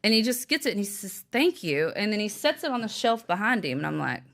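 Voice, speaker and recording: A woman guest on a podcast interview, telling a personal story in an earnest, halting, emotional way with frequent restarts. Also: mid-range voice, big pitch swings, gravelly, fairly bright tone. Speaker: guest author.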